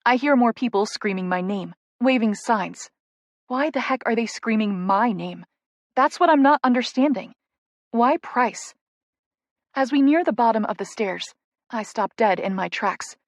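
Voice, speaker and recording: A woman narrating a first-person romance audiobook in a soft, intimate, emotional way. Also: a little high, expressive, unhurried, no room sound.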